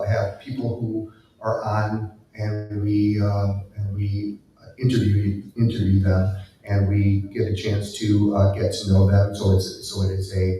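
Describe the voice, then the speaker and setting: Halting man in an echoey room. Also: on the low side, warm tone, slight background noise. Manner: halting, many fillers and restarts. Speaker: panelist. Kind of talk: live panel discussion. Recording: echoey room heard from far off.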